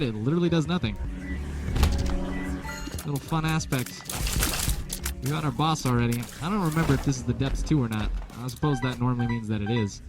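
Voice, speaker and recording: A man's voice: mid-range voice, expressive, a little fast. Man, young adult, let's play commentary, casual, rambling, self-mocking, game music in background. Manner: rambling, jokey, self-deprecating.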